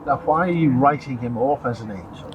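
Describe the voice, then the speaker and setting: A man's voice: medium pitch, fairly quick, lo-fi sound, a little hiss or hum. A man with an Irish accent, interviewing a guest with brief, probing follow-up questions.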